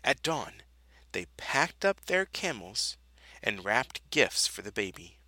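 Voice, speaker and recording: A man reads a children's Bible story aloud, taking his time and letting his voice rise and fall widely for drama. His tone is very bright and sharp, and the recording is close and dry with no room sound. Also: lowish voice, takes it slowly, no room sound, low-quality recording. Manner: expressive, dramatic storybook delivery. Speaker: storybook reader.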